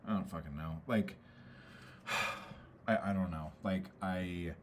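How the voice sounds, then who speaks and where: A man with a very low, deep voice rambles through a frustrated venting session on a casual livestream. He swears freely and keeps stalling on fillers as he talks it through. A faint hum sits behind him. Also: takes it slowly. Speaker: poet and streamer.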